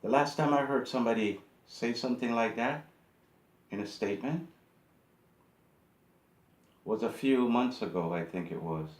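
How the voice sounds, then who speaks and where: A man's voice: mid-range voice, moderate pace, pauses often, roomy sound. A man hosting his own channel, talking straight to his viewers in a casual, indignant monologue that repeats itself. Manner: indignant, preachy, repeats himself. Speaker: YouTube channel host.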